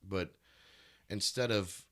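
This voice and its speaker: A man's voice: sits low, slow pace, a bit bright. A man hosting a casual podcast in a small home studio, laughing often, swearing freely and stumbling over his words. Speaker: podcast host. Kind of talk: casual chat.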